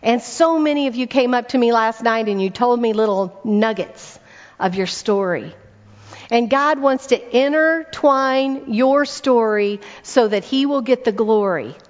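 A woman's voice: on the high side, a little slow. A woman preaching a sermon to a congregation, telling stories, asking the room rhetorical questions and repeating words for emphasis. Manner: storytelling with rhetorical questions to the audience. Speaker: speaker at a church weekend event. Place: church hall before a congregation. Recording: dull recording in a reverberant hall.

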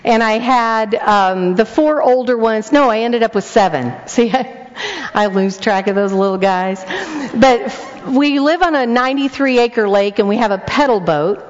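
Her voice slightly high and her delivery a bit slow, an older grandmotherly woman preaches through a story, acting out the dialogue with animation. The recording carries a long hall echo and sounds dull and lo-fi.

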